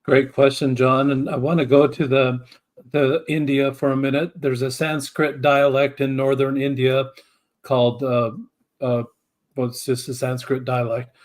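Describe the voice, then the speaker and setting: A man being interviewed as a podcast guest, answering in a calm, explanatory way. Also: medium pitch, unhurried.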